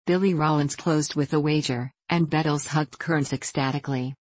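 Low-voiced woman narrating a story. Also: steady tone, normal speed, no echo. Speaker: audiobook narrator. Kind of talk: scripted narration.

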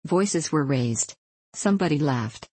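A woman narrating an audiobook in a steady, measured reading voice. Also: low-pitched, husky, no echo. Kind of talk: scripted narration.

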